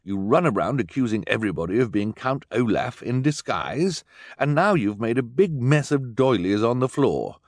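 A man's voice: medium pitch, lively intonation, normal speed, dry recording, voice pushed up. Male reader as stammering scold of a banker, fussy, dry.

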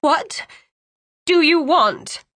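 Woman doing a scared young heroine, raised quivering voice, breathy, dry. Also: high voice, animated, unhurried, a bit bright, no echo, voice pushed up, full character voice. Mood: frightened defiance. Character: frightened young woman heroine, trembling but defiant.

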